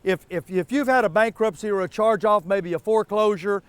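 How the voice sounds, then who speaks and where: A man hosting a car sales show from an outdoor dealership lot, pitching deals in a folksy, repetitive way. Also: fairly quick, clean tone, no echo. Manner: folksy, repeats words, stumbles.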